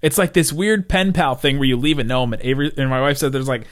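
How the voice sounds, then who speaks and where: A Florida man with a mid-range voice talks fast as a podcast co-host. He tells stories in a relaxed chat and laughs often.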